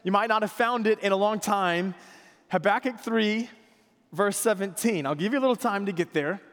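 A man's voice: sits high, moderate pace, a bit bright. A man pastor preaching a conversational sermon, drawing the congregation into responses and reading scripture aloud with them. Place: church sanctuary. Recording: long hall reverb.

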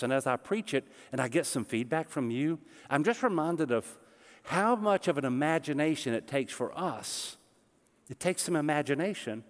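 Pastor preaching in a reverberant hall. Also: male voice, fairly high pitch. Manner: conversational, explanatory preaching with humor. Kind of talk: sermon.

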